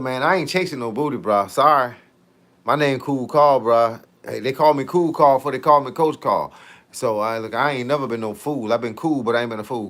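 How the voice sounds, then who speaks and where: A man's voice: medium pitch, a bit bright. A man, a fitness coach, chatting casually on a live stream, joking in heavy slang and reading out viewer comments.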